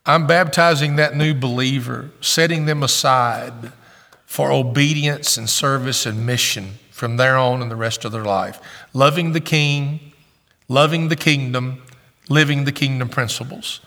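A man's voice: medium pitch, measured pace, vocal fry, pushed and bright, big-room sound. A man preaching a sermon as pastor, earnest and questioning, often repeating his phrases.

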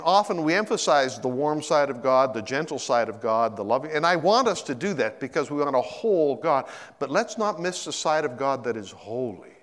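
In a church sanctuary with a big-room sound, a middle-aged man preaches in a mid-range voice. Animated in delivery, he acts out quotes with abrupt changes of voice and repeats words while collecting his thoughts.

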